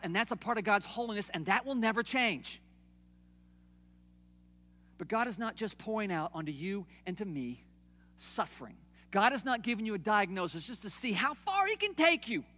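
A man preaching a sermon in a conversational way, swinging from loud emphatic peaks to soft low asides, in a church. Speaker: pastor. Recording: long hall reverb.

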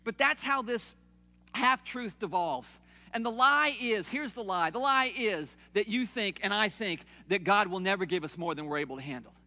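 Man, pastor preaching, high voice, long hall reverb, conversational with loud emphatic bursts and quiet drops. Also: expressive, moderate pace. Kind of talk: sermon.

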